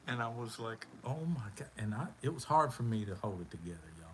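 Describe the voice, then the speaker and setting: A man telling a rambling, animated story on a livestream. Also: medium pitch, fairly quick, few pauses, slight background noise. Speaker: livestream host. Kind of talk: casual storytelling.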